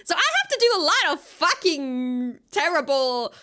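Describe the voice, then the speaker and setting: A woman's voice: high voice, very animated, normal speed, pushed and bright. A woman VTuber streaming a game, casual and giggly, swearing as she goes.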